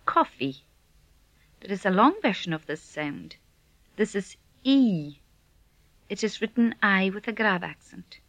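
A woman teaching pronunciation in a slow, measured scripted lesson, demonstrating each sound. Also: medium pitch, fairly bright tone, no echo. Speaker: language teacher.

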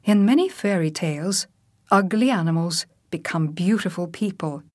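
A woman reading English vocabulary drills aloud as a teacher, saying each word and example sentence slowly and deliberately. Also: lowish voice, expressive, a little mellow, no room sound, clean studio sound. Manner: clear, deliberate word-by-word enunciation.

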